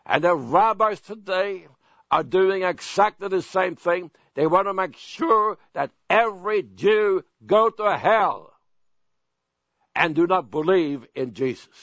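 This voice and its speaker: Male preacher, slow and emphatic, kinda muffled dry recording. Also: sits high, fairly bright tone, no room sound. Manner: emphatic, deliberate preaching with pointed questions. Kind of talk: sermon. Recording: dull, dry lo-fi sound.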